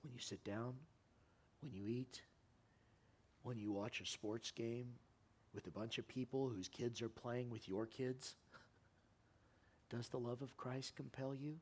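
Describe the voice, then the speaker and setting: A man preaching a sermon in a church, impassioned, his voice climbing high and loud, then sinking to a quiet, earnest plea. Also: fairly even intonation, takes it slowly, pauses often, slightly rough. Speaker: pastor. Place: church sanctuary.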